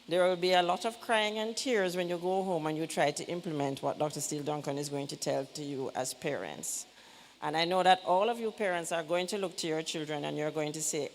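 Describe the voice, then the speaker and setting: Fast-talking Jamaican woman, low gravelly voice. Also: a little hiss or hum. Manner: fast-talking, direct, joking asides. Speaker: pediatrician giving a health talk. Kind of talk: lively church health talk. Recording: church hall reverb, faint ambience.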